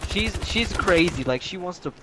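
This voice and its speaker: A man's voice: high voice, expressive, moderate pace. Crude rambling young guy over game noise. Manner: rambling, crude, joking storyteller. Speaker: gamer chatting with friends. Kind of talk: casual gaming chat.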